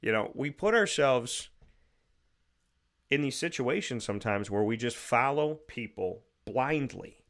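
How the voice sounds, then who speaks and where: Man, radio host, opinionated monologue, emphatic rant, mid pitch. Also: expressive, unhurried, a bit bright. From United States. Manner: ranting, emphatic, quotes imagined speakers.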